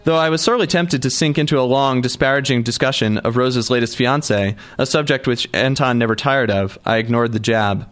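A man's voice: medium pitch, fairly quick, few pauses, a bit bright. A male narrator reading a first-person story aloud in a wry, dry manner. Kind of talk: audiobook narration.

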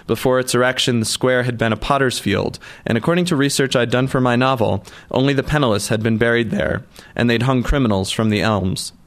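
An audiobook narrator with a medium-pitched voice reads a novel aloud. His scripted narration has a measured storytelling manner.

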